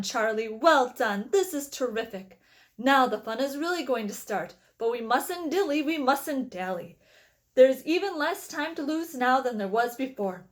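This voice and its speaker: A woman doing an excitable eccentric candy maker. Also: high-pitched. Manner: bubbly, theatrical.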